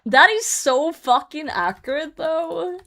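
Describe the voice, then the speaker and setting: A woman's voice: high-pitched, expressive, slow pace, pushed and bright. A woman streaming a game, chatting casually with her chat, teasing viewers, laughing often and swearing freely. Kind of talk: casual livestream chat while gaming.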